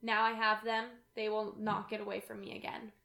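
A woman's voice: mid-range voice, monotone, moderate pace, creaky, sharp tone, reverberant. A woman reading as a gloating old witch. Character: wicked old witch, scornful and cruel.

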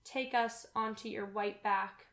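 A woman's voice: medium pitch, steady tone, measured pace, close to an everyday voice. A woman voicing a clever, brave little girl in a read-aloud fairy tale, recorded with room echo. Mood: pleading.

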